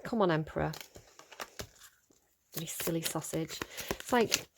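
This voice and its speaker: A woman's voice: fairly low pitch, normal speed, noisy background. Chatty woman doing a tarot reading. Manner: chatty and animated, with many fillers, mild swearing and scolding of the cards. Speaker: tarot reader. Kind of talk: casual spoken tarot reading.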